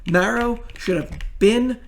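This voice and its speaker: A man's voice: extremely high pitch, takes it slowly, gravelly, a little hiss or hum. A young man telling a story in casual commentary, rambling and swearing, with many fillers and restarts.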